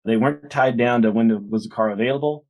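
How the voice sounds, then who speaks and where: A man's voice: medium pitch, quick pace, lo-fi sound. A man in his forties, a minister and author, chatting as a guest in an interview and telling stories with lots of restarts. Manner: chatty storyteller, full of "you know" and restarts. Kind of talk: casual interview conversation.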